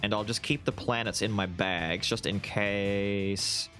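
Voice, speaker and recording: A young man giving excited commentary over his own gameplay, exclaiming often and calling the listener "dude". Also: fairly low pitch, measured pace, faint music behind. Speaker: gaming video host.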